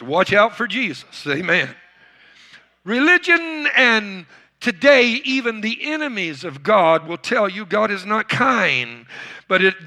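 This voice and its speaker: A male pastor preaching a sermon to a congregation in a church. He calls for amens and raises his voice as he drives his points home. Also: high-pitched. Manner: preaching with call-and-response, rising to shouts. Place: church hall before a congregation.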